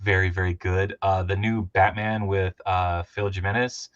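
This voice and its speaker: A man talking as a guest in a casual chat over a video call, rambling and animated. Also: deep voice, moderate pace, muffled recording. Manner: rambling, animated, puts on voices for stories.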